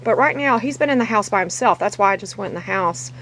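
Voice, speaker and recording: A woman's voice: medium pitch, expressive, fast talker, fairly bright tone, slight background noise, poor audio. A middle-aged woman, a dog breeder, narrating a casual home video in a chatty, rambling, affectionate way. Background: puppies squealing and playing.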